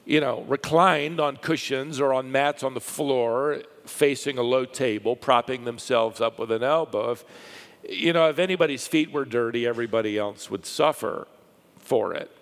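A man preaching a sermon, telling stories with lively rises and a hushed drop for the quiet parts. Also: mid-range voice, normal speed. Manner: lively storytelling, dropping to a hush for quiet lines. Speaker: pastor. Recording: long hall reverb.

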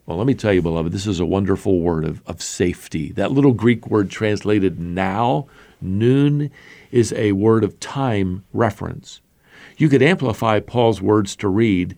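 Gravelly-voiced pastor preaching emphatically. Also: male voice, on the low side, animated, a little mellow, dry recording. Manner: emphatic, stresses single words with slow deliberate pauses. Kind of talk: sermon.

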